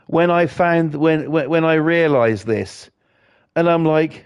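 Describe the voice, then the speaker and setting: A man's voice: on the high side, steady tone, unhurried, smooth. Sweary man ranting. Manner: sweary, rambling, fired-up. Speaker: gaming streamer. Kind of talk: ranting commentary while gaming.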